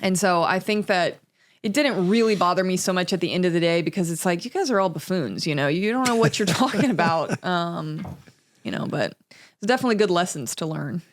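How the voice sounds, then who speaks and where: A young woman from Alabama, a podcast guest talking in a reflective, unhurried way with lots of "you know"s. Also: fairly low pitch, animated. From Alabama, US South. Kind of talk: casual conversational interview.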